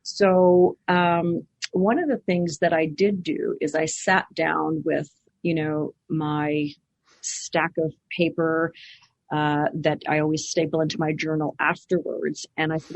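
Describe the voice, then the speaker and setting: Low-voiced woman telling a story. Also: takes it slowly, no echo. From Canada. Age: middle-aged. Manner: animated, acts out quoted voices. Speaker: podcast guest, clinic owner. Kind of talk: casual interview storytelling.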